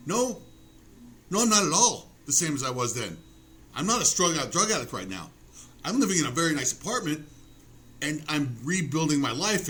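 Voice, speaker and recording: A man in a rambling vlog rant, his voice sitting a little high and swinging widely in pitch. He swears freely and mocks himself with a sarcastic edge, often restarting his sentences. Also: sharp tone. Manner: profane, sarcastic and self-mocking, with many restarts. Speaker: vlogger. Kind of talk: rambling casual rant to camera.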